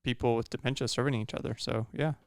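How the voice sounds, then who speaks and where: A man on a podcast chiming in with questions and quick asides in casual chat. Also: mid-range voice, steady tone, gravelly, dry recording, clean studio sound.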